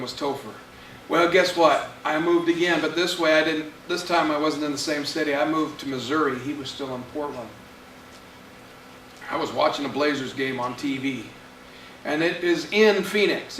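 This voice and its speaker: A pastor telling a personal story in a sermon, acting out the voices of the people in it. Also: male voice, sits high. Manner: animated storyteller acting out quotes. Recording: echoey room, mic at a distance, faint hiss.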